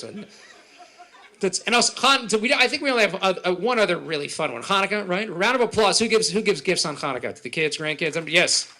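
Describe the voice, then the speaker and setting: A man doing stand-up comedy at a live event, quizzing the audience with rapid, animated delivery. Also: fairly high pitch.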